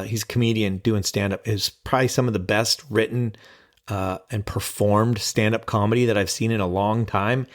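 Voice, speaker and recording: A man's voice: medium pitch, no echo, studio quality. Playful, giggly male podcast host. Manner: playful, giggly, self-deprecating, jumps around mid-sentence. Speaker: podcast host and ADHD coach. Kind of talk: casual solo podcast talk.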